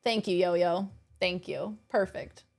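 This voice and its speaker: A woman's voice: on the low side, steady tone, slow, creaky, darkish tone. A woman streamer chatting casually on a live stream, thanking her viewers over and over, with lots of fillers and repeats.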